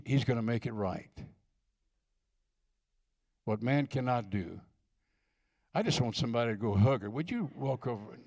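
A man's voice: mid-range voice, darkish tone. An older man preaching a sermon in church, folksy and earnest, repeating phrases for emphasis as he ministers to people. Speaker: visiting preacher.

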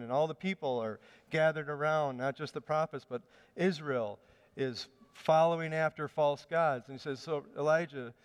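A man's voice: fairly high pitch, normal speed, smooth. A man giving a sermon, telling the story in a conversational way with small hesitations. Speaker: preacher. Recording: long hall reverb.

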